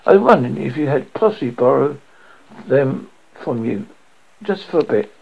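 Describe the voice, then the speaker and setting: A man reading aloud and voicing the Doctor, an eccentric time traveller who is politely insistent and brisk. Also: medium pitch, animated, creaky, slightly rough. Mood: pleading. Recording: dull lo-fi audio.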